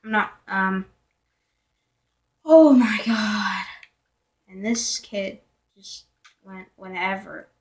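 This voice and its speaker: A woman's voice: mid-range voice, extremely slow, long pauses. Rambling young girl telling a storytime. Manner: rambling, full of fillers and asides, sometimes whispering. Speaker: vlogger. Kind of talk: storytime vlog.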